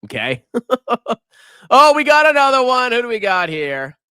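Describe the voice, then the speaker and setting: Guy teasing his chat live, bright voice, swings up and down a lot. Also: extremely high pitch, sing-song, moderate pace, clear, resonant tone, no room sound, studio quality. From United States. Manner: teasing, mocking, laughs often. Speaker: livestream finance host. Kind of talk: live stream chat reading superchats.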